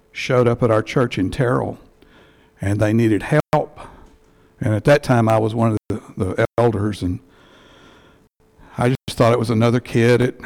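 A man, a church elder telling a heartfelt story in a sermon, halting and restarting as he goes, on a headset mic. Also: fairly low pitch, gravelly, a little mellow.

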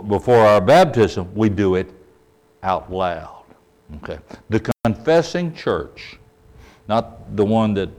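A man preaching a sermon, emphatic, often checking in with the audience and letting his voice drop soft at the ends of phrases. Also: on the low side.

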